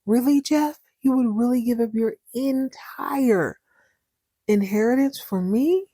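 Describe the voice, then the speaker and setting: A woman's voice: on the high side, measured pace, mellow, husky, no echo, voice pushed up. A woman doing an indignant rich older man. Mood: incredulous. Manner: theatrical, exclamatory outrage.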